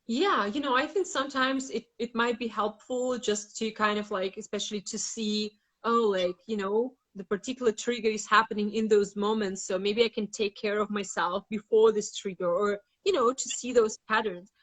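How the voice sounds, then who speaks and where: A woman's voice: mid-range voice, fairly even intonation, moderate pace, few pauses, fairly bright tone. A woman guest in a casual spiritual chat, talking frankly with lots of "like" fillers and some swearing. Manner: rambling with many "like" fillers, frank and blunt with swearing; acts out inner voices dramatically. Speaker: guest facilitator.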